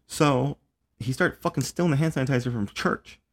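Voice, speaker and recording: Gravelly young man, swearing storyteller. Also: medium pitch, fairly quick. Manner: profane, rambling storyteller with lots of fillers. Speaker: podcast host. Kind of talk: casual chat.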